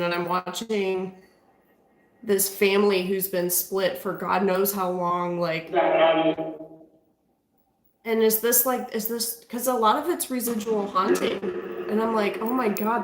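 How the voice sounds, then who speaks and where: Mid-range in pitch, this woman's voice comes through a rough, reverberant recording made in a room of a house. She's a paranormal investigator chatting informally during a ghost-hunting session, repeatedly losing her thread and beginning again, and breaking off to question the spirits.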